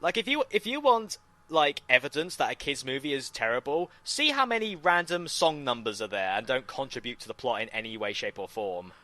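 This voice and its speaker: A man's voice: medium pitch, very animated, a little fast, pushed and bright. A young man co-hosting a casual movie commentary, teasing his friend and breaking into bursts of enthusiasm. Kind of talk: casual film commentary chat.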